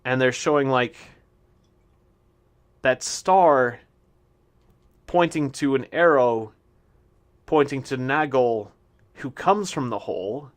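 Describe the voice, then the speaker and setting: A man speaks slowly at medium pitch, pausing often, while commenting on his gameplay. It's a laid-back let's-play in which he chats with animals he meets and reads out the game's words.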